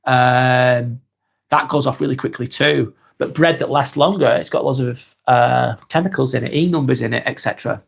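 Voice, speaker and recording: Gravelly Lancashire man with a cold. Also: mid-range voice. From East Lancashire, England. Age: 40s. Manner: unhurried, reflective, musing aloud with tag questions. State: has a cold, coughing. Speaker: live vlog host. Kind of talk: calm live chat reading viewer comments.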